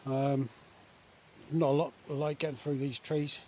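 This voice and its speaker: A man talking casually in a relaxed, chatty way with many fillers, filming a vlog at a woodland camp outdoors. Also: mid-range voice, a little slow. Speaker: vlogger. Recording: outdoor recording with faint nature noise.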